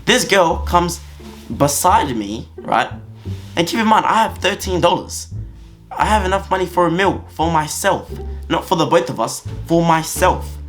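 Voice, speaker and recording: Animated man telling a story. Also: sits high, a little slow, soft background music. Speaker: vlogger. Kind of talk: casual story time.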